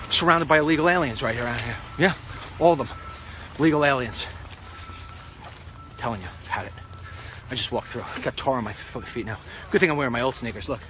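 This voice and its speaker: A man's voice: mid-range voice, fast talker, long pauses, fairly bright tone, a little hiss or hum. A middle-aged man giving a rambling, confident walk-and-talk vlog commentary outdoors on a street, recorded on a handheld phone. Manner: rambling, confident, talks to the president directly. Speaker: political vlogger.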